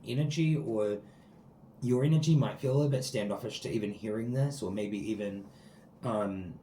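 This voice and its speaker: A tarot card reader sits outdoors giving his viewers a spiritual reading, rambling earnestly with plenty of likes and ums. His voice is mid-range with a dark tone. The poor audio carries an echoey room sound and a little hiss or hum.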